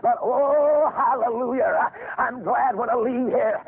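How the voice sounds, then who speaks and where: Older preacher guy, really high husky voice, folksy then shouting, tinny phone-ish audio. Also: unhurried. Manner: folksy storytelling that rises into shouted exhortation. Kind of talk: fiery revival sermon.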